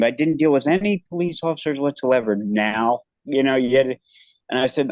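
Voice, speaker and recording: Halting, earnest man, dull dry audio. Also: medium pitch, dry recording. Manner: halting, earnest, many restarts. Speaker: guest. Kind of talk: personal storytelling in an interview.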